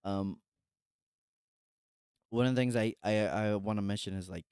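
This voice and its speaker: Low, smooth-voiced man rambling. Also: normal speed, darkish tone, dry recording, studio quality. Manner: hesitant, full of fillers and restarts. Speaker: podcast co-host. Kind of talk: casual chat.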